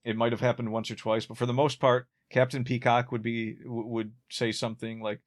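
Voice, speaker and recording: A man in casual conversation about an old sitcom, his voice sitting in a middle pitch. He wanders through his points with lots of restarts and chuckles at his own jokes. The tone is relaxed and conversational. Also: fairly quick, few pauses. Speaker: podcast co-host.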